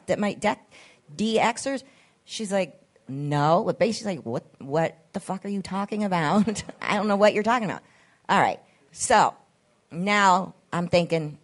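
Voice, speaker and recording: A woman's voice: fairly low pitch, animated, normal speed. A woman hosting a podcast, telling a story in casual chat, acting out the quoted voices and swearing freely. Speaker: podcast host.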